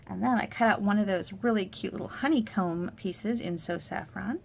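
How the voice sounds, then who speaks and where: An upbeat woman gives a casual crafting tutorial, chatty and friendly as she shows off each supply. Her voice has a gravelly, fry-tinged edge. A faint hum of noise sits under the recording. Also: medium pitch, normal speed. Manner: upbeat, chatty product walkthrough. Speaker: card-making demonstrator.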